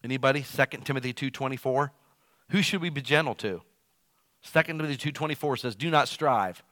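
Man, pastor, sermon, loud then quiet, animated delivery, mid pitch, dry recording. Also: a little fast, no echo. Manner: animated, swings between loud emphasis and quiet asides; self-described as loud.

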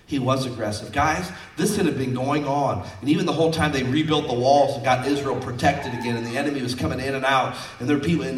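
A man's voice: medium pitch, recorded from a distance. A man preaching a folksy, conversational sermon in a church, mixing scripture with personal stories. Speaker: pastor. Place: church sanctuary. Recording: roomy sound from off mic.

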